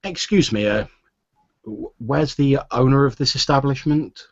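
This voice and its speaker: Soft-spoken polite woman, played by a man, hesitant, gentle, lo-fi dull recording. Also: medium pitch, a little slow, no echo, voice pushed up. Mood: earnest.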